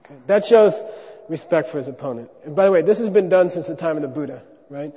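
A man's voice: a little high, expressive, fast, mellow, slightly rough. A man teaching a class how to debate, joking and calling out syllables for the room to repeat. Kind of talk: hands-on class demonstration with call-and-response drills. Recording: dull recording in a reverberant hall.

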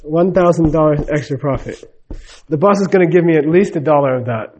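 A man's voice: on the high side, a little fast, a little mellow, lo-fi sound, a little hiss or hum. A man giving a live teaching talk. He speaks conversationally, checks in with the audience often, and acts out the dialogue in his stories. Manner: tells stories with acted-out dialogue. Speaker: spiritual teacher.

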